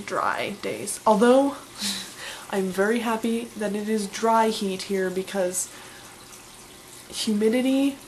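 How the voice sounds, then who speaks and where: A woman's voice: lowish voice, a little hiss or hum, low-quality recording. A young woman in her twenties, chatting casually and enthusiastically as she answers questions in a vlog. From Colorado, USA. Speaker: vlogger.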